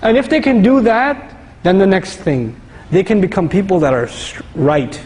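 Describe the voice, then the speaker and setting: A man giving a lively, conversational sermon-style lecture, reciting Arabic verses and explaining them. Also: high-pitched, normal speed, big-room sound, low-quality recording. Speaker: Islamic lecturer.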